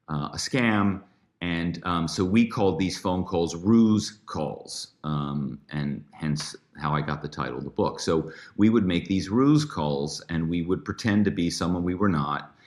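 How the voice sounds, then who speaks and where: Middle-aged male guest, deep voice, rambling chatty delivery. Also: measured pace. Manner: chatty, many fillers and restarts. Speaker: guest, author and former corporate spy. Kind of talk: storytelling interview.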